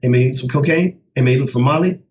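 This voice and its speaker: A man voicing a pushy male drug seller in a nightclub bathroom, rattling off a rapid salesman's patter. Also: medium pitch, highs cut off, lightly acted. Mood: hustling.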